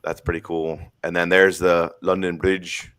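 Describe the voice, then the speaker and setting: A lower-pitched man hosting a live stream and talking casually. He rambles through his stories bluntly and swears freely, in an easygoing, unscripted chat. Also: level tone, a little slow, fairly bright tone, smooth. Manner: blunt, profane, rambling storyteller.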